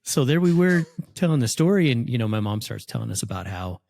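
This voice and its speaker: A man telling a spooky story in a casual, animated way, often acting out the voices of the people in it. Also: mid-range voice, a little fast, creaky. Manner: animated, acts out voices in his stories.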